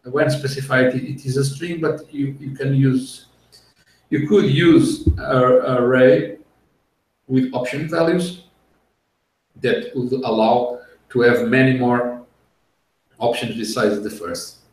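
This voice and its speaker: Slow-talking man hosting a podcast. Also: mid-range voice, fairly even intonation. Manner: unhurried, explanatory, laughs easily. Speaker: podcast host. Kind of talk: casual tech podcast chat. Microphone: video call. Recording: echoey room, far from the mic.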